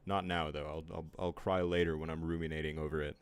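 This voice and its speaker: A man's voice: very deep voice, level tone, quick pace, smooth. A man streaming his drawing live, chatting casually with viewers in playful, mock-offended banter. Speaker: art streamer.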